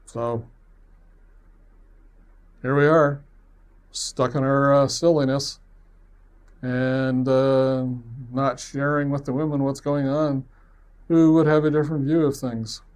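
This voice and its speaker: A man's voice: mid-range voice, level tone, slow, long pauses, a little mellow, clear, resonant tone. Rambling man telling a personal story. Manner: rambling, conversational, self-deprecating, chuckles. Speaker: web series producer.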